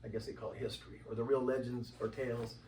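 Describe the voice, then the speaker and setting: A man's voice: level tone, fast, a little mellow. Man from Washington State, rambling storyteller, roomy room, mic at a distance, faint background hum. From Washington State, USA. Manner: loose, repetitive, full of "you know"; acts out quoted voices in a higher pitch. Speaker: interview guest, tribal member.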